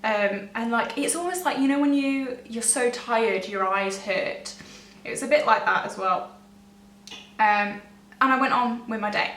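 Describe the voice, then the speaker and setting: Speaking casually to her camera, a young adult vlogger wanders through her story with restarts, self-interruptions and nervous little laughs. Her fairly high voice is unhurried and a bit bright. She's far from the mic in an echoey room, over a faint hum.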